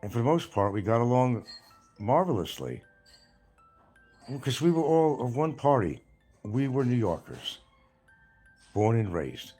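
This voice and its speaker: An older man with a mild New York accent talks in a loose, rambling monologue, blunt and quick to swear. His voice sits fairly low. Faint music plays softly behind him. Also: slightly rough. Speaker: vlogger. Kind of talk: casual monologue.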